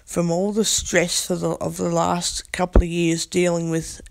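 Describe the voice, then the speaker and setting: Croaky aussie woman nattering away in bed on her phone, gravelly and slow. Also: lowish voice, little pitch movement. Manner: rambling, chatty. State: hoarse, croaky. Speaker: vlogger. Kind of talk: casual chat. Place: in bed at home.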